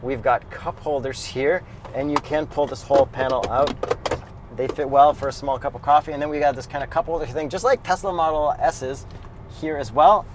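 A man's voice: a little high, moderate pace, background noise. A young man from Canada, co-hosting a casual car review, joking and ranting with emphatic energy. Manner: excitable, jokey, emphatic rants.

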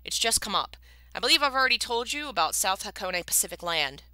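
A woman's voice: medium pitch, sing-song, brisk, sharp tone, dry recording, voice pushed up. A woman reading a book aloud and voicing a desperate man who pleads urgently for his family's lives.

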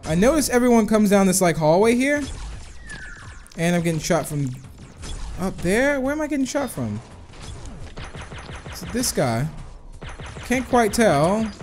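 Excitable high-voiced young man gaming. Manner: excitable, talks to viewers, bursts of whoa and cheering. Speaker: gaming YouTuber. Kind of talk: live gameplay commentary.

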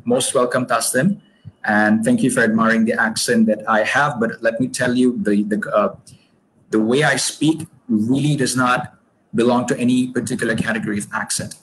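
Guy from bangladesh teaching english on a live stream, answers comments slow and polite, lots of uhs, faint hiss behind. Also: mid-range voice, steady tone, a bit bright, poor audio. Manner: polite, patient, many fillers and restarts.

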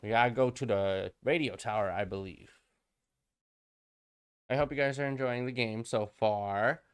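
A man's voice: mid-range voice, moderate pace, clean tone. A man hosting his gaming channel, chatting in an upbeat, casual way and swearing freely while he plays. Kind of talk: let's play commentary.

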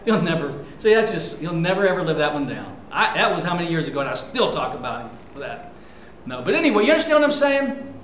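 Pastor, male, higher-pitched voice, emphatic conversational sermon delivery, reverberant church room. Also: big pitch swings, fast, a bit bright, a little hiss or hum. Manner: emphatic, conversational preaching with rhetorical questions. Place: church sanctuary.

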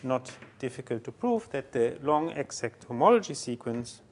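A man giving a university mathematics lecture, halting often with fillers and restarts as he works through a proof. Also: mid-range voice, sing-song, darkish tone. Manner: halting, many fillers and restarts while writing.

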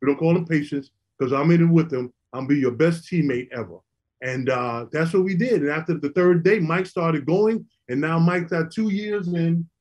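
Husky high-voiced middle-aged man. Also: moderate pace, darkish tone. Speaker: former basketball player, recovery program founder. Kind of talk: casual storytelling.

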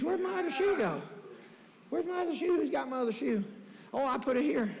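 A man preaching with fervor, his voice sitting very high for a man. His words ring with a long hall reverb through the church sanctuary, climbing into shouted calls to the congregation. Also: big pitch swings, a little fast, creaky. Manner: impassioned preaching, building to shouts. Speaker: pastor. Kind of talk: sermon.

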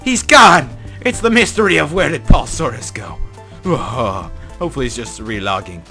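A young man narrating his own gameplay, chatty and excitable, jumping from mumbles to panicked shouts. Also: medium pitch, normal speed, soft background music. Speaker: gaming channel host. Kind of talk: gameplay commentary.

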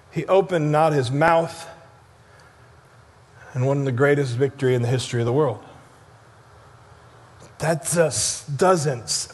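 A man preaching a sermon as pastor, telling stories with energy and dropping to soft, low tones for emphasis. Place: church sanctuary. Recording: church hall reverb.

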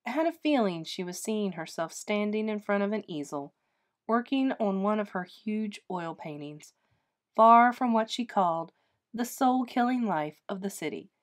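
A woman reading a children's ghost story aloud in an expressive storytelling voice. She paces the narration gently and shapes each sentence for young listeners. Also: medium pitch.

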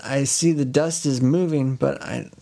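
A man's voice: medium pitch, fairly even intonation, gravelly, dark tone. A man voicing a hesitant sister keeping watch from a tower. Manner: hesitant, halting.

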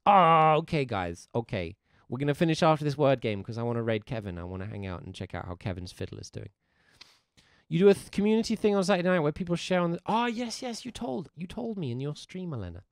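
Lively, gravelly male music teacher. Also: fairly high pitch, moderate pace, no room sound, studio quality. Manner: animated, playful and encouraging. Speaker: music teacher streaming live. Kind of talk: livestreamed music lesson, chatting with viewers.

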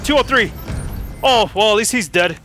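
Excitable high-voiced man gaming. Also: moderate pace, soft background music. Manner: excitable, swears and yelps at jump scares. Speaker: gamer playing a horror game. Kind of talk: live gameplay commentary.

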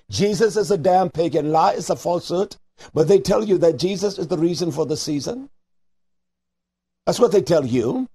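Fiery gravelly-voiced male radio preacher. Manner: fiery, rising to near-shouts, then dropping low and slow; mixes Hebrew terms into scripture reading. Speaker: radio preacher taking calls. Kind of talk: call-in radio sermon.

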